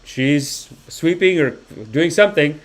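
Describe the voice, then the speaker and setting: A man hosting a live comedy podcast, telling a rambling story in an animated way, swearing freely and acting out the people he describes. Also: a little high, unhurried. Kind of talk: rambling comic monologue on a live stream.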